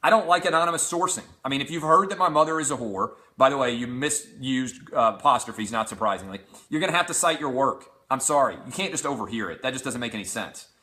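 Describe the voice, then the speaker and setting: A man's voice: mid-range voice, lively intonation, quick pace, few pauses, pushed and bright. A man hosting a show, reading out hostile messages aloud with sarcastic, profane mockery. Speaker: host. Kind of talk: reading out hate tweets.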